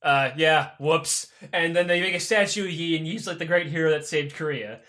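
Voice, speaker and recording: A man's voice: a little high, quick pace, fairly bright tone. A man co-hosting a podcast, retelling history in an irreverent, profane and rambling comedic way. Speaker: podcast co-host.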